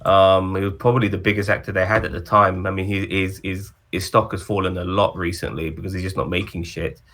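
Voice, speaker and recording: A man's voice: deep voice, little pitch movement, fairly quick, fairly bright tone, a little hiss or hum. A man co-hosting a casual movie-ranking chat, rambling with ums and restarts. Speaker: podcast co-host.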